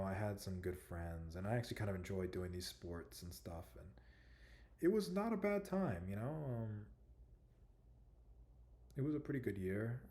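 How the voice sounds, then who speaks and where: A young man telling his life story to his viewers in a halting, rambling way, full of "like" and "you know", soft-spoken and self-conscious. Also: lowish voice. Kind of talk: casual personal storytelling to camera.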